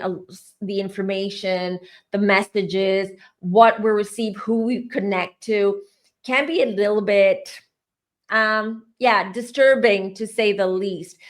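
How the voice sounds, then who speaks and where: A woman hosting a casual chat as a psychic medium, talking emphatically with restarts. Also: mid-range voice. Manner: emphatic, rambling, frequent restarts.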